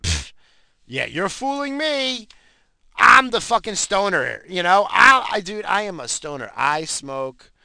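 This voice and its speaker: A man rants in a heated, profane way, swearing and repeating himself. His voice is bright and forceful, and the recording is dry and close. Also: high-pitched, sing-song, a little slow, gravelly, hardly any pauses, no room sound. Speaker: self-described stoner. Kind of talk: profane conspiracy rant.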